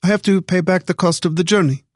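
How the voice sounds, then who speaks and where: A man's voice: high voice, steady tone, fast, no room sound, studio quality, pitched above the performer's own voice. A man voicing a curious young Eastern European woman.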